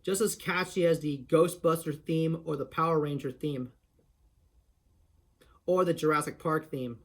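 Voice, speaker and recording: A man casually explaining how to do a voice impression, rambling, halting and eager, with many restarts. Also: on the high side, fairly even intonation. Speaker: host of an impression tutorial. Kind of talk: casual tutorial talk.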